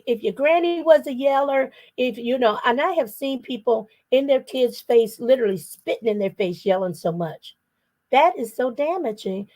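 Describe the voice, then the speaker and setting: A middle-aged woman, a psychotherapist, giving a parenting talk full of personal stories and acted-out quotes. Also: on the high side. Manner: animated storyteller, acts out quoted voices. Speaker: psychotherapist and guest speaker.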